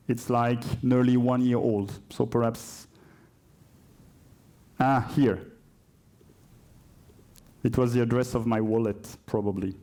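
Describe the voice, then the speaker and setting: A man's voice: mid-range voice, dark tone. A man with a French accent giving a conference coding demo, hesitant and self-correcting with chatty asides. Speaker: conference speaker. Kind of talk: live coding talk. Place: conference hall.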